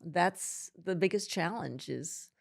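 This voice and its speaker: A middle-aged woman, a podcast guest, speaking haltingly and emotionally in an interview, with many restarts. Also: fairly low pitch, gravelly.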